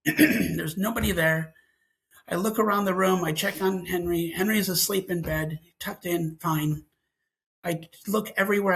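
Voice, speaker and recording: A man's voice: sits high, gravelly, a bit bright, poor audio. A man, a scientist guest, telling a personal story and acting out the dialogue as he goes.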